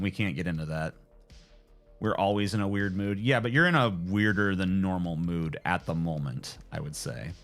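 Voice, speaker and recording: Low-voiced joking male streamer. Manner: joking, profane, laid-back. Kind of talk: casual live-stream chat.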